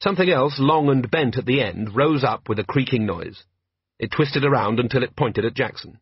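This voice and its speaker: Husky male audiobook narrator. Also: mid-range voice, normal speed, no echo, dull audio.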